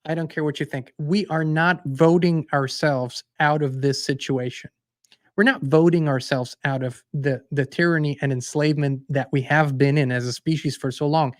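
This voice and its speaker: A man hosting his own show, telling anecdotes with emphasis and acting out the other voices, then speaking bluntly and forcefully. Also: on the high side, fairly even intonation, normal speed, dry recording, clean studio sound. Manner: forceful and blunt toward the end. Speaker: host and songwriter. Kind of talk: casual spiritual monologue.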